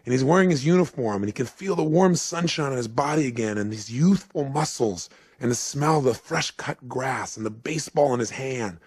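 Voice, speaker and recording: A man giving a motivational speech, retelling a story dramatically, swinging from hushed to urgent. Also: mid-range voice, brisk, few pauses, breathy edge, dry recording, studio quality. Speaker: motivational speaker.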